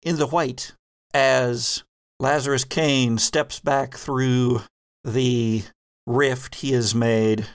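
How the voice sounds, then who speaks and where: A man runs a tabletop horror game as its game master. He speaks at an unhurried pace and lingers over each detail as he describes the scene. His narration is measured and descriptive. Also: medium pitch, steady tone, smooth.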